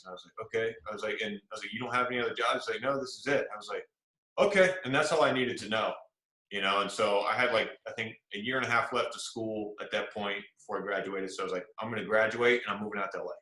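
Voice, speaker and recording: A fast-talking young guest actor from South Carolina, with a lowish voice, tells casual stories in an interview, acting out the quotes with animation. Echo from the room is noticeable.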